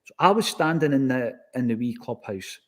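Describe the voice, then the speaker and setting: A man with a Scottish accent tells a story in relaxed podcast conversation. His voice sits in an ordinary middle pitch, and he acts out the lines he quotes from the people involved. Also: normal speed. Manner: animated anecdotal, acts out quoted exchanges. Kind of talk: casual storytelling.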